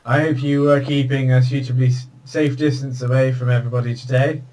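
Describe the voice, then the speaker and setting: A man's voice: mid-range voice, little pitch movement, brisk, darkish tone. A man hosting a casual video call chat, telling jokey stories. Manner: chatty storyteller, jokey. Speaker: host. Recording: distant video call audio.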